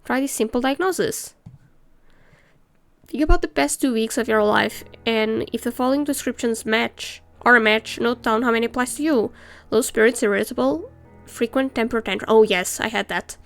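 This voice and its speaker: A woman's voice: fairly high pitch, normal speed, fairly bright tone, soft background music. A woman streamer chatting casually and ranting while she reads game text aloud. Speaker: let's play streamer.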